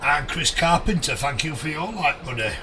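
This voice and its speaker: A man live-streaming a game, greeting viewers by name in a chummy way, his voice going a little hoarse. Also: a little high, lively intonation, normal speed, sharp tone, distant mic, slight background noise, poor audio.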